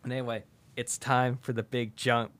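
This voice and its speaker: A man on a podcast pitching a comedy movie sequel in casual storytelling, laughing often and jumping into squeaky high character voices. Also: little pitch movement, moderate pace, a bit bright.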